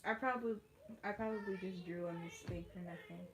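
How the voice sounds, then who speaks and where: A woman's voice: on the low side, fairly quick. A woman artist chatting casually with viewers while she paints, rambling, restarting her sentences and laughing often. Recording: echoey room, faint background noise.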